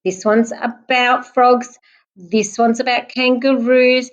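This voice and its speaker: A young woman, a primary school teacher giving a recorded online lesson, explaining slowly and patiently. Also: a little high, little pitch movement, dull audio. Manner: clear, slow, patient explaining, clapping out syllables.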